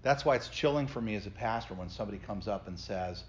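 Speaking fast in a somewhat low voice, a middle-aged pastor earnestly walks his Bible study group through scripture. There's slight background noise on this somewhat dull, lo-fi recording.

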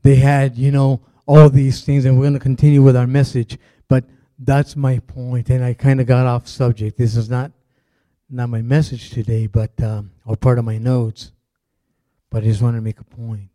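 A middle-aged pastor with a warm, mellow voice, preaching casually from the pulpit. He rambles through asides and fillers. The sound is dry and close, with no room echo. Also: mid-range voice, flat delivery, moderate pace. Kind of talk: conversational sermon.

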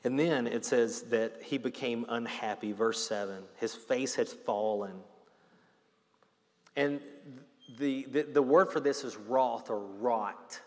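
A man's voice: mid-range voice, slow pace, darkish tone, long reverb tail. A man preaching a sermon in an earnest voice that swells and drops in intensity. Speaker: pastor.

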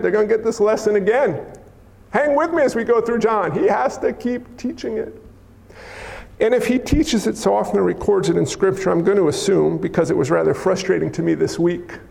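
A man preaching a sermon from the pulpit, impassioned, swinging between near shouts and quiet low drops. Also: creaky, in a large hall. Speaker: pastor.

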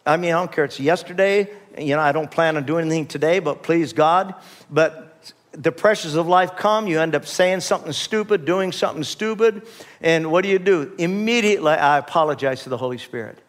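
A man preaching in a church, his voice sitting a little higher than most men's. He talks loosely and conversationally, stumbling over restarts and asking the room for an amen. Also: brisk. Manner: conversational preaching with many restarts, calls to the congregation. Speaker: pastor. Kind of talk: sermon.

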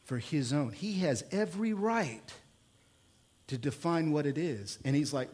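High-voiced man preaching emphatically. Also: big pitch swings, moderate pace, breathy edge. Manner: emphatic, conversational preaching with rhetorical questions; swings between loud bursts and quiet asides. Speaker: pastor. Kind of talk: sermon.

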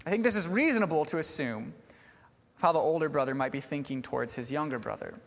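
A man with a high voice delivers a sermon in an earnest, questioning manner. His words echo with a long reverb through a church sanctuary. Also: expressive, fast talker, creaky. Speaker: preacher.

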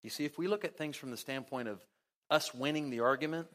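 Animated, sarcastic male preacher. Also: fast talker. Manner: conversational, sarcastic, acts out quotes; big swings in pitch and loudness. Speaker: pastor. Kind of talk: sermon.

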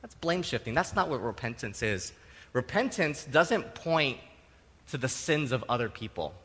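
Lively, bright-voiced male pastor in a reverberant hall. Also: mid-range voice, moderate pace, husky. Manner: animated, acts out quotes with sudden loud outbursts; conversational, many tag questions. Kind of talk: sermon.

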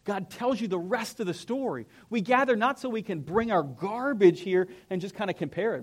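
A young male pastor with a fairly high voice gives a lively, conversational sermon in a church. His delivery swings between quiet, reflective passages and sudden energetic peaks. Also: normal speed, hardly any pauses. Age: young adult. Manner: animated, conversational, acts out whiny voices. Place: church sanctuary.

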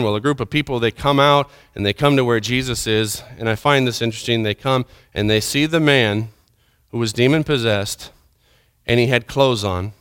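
A man delivers a sermon with a bright, forceful voice that stays smooth and crisp throughout. He swings dramatically between urgent, raised passages and hushed, low asides. The sound is dry and close. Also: no echo. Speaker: preacher.

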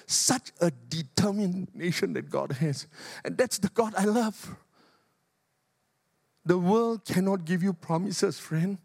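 An older man, a retired pastor, preaching a sermon with emphatic, repetitive phrasing and big swings in pitch. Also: slow pace, gravelly, a little mellow, no echo, clean studio sound.

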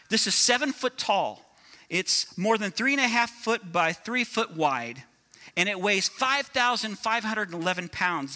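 A man preaching a sermon with energy, often asking the congregation for agreement. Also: sits high. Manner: energetic, asks the crowd for agreement. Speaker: pastor.

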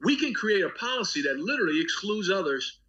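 A man's voice: high voice, big pitch swings, a little fast, sharp tone, muffled recording. A man, a pastor speaking as an interview guest, talking with a preacher's rhythmic cadence, repeating phrases and building long lists. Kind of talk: impassioned interview talk.

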